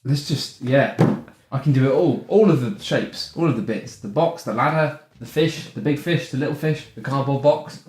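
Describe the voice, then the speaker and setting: A man's voice: mid-range voice, moderate pace, a little mellow. A man in an improv comedy scene, talking in a flustered, rambling way. His voice sits in a roomy space. Faint noise hums under it.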